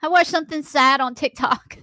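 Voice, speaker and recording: Southern lady cohosting morning radio, chatty storyteller, a bit high, dry studio sound. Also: moderate pace, bright, forceful tone, no echo. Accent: Southern American. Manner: chatty storyteller, laughs often. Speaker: radio morning show co-host. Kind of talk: casual radio banter.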